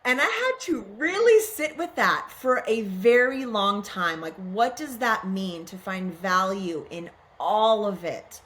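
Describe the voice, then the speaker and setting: A woman's voice: mid-range voice, expressive, a little slow, few pauses, fairly bright tone. A middle-aged woman guest on a podcast, talking in an earnest, musing way and often asking herself questions aloud. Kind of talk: reflective spiritual conversation.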